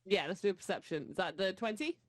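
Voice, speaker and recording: A woman's voice: mid-range voice, quick pace, no echo. A woman eagerly taking part as a player in a tabletop game. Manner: eager, playful. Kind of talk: casual tabletop play.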